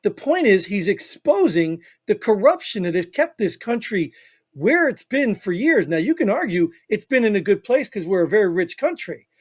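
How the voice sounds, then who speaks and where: A man's voice: high voice, big pitch swings, moderate pace, husky. A man with a Northern US accent, co-hosting a podcast in opinionated casual chat, rambling and emphatic with frequent "you know what I mean.". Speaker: podcast co-host.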